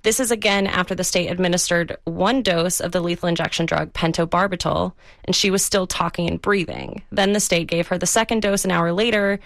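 A woman investigative correspondent explaining the facts in an even, factual studio news report. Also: on the low side, a little fast, creaky, few pauses, no echo.

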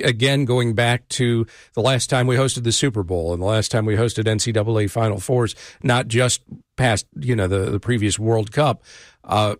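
A man hosting a public radio interview show, speaking in a measured way with frequent "uh" pauses into a studio microphone. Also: medium pitch, no room sound. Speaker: radio talk show host.

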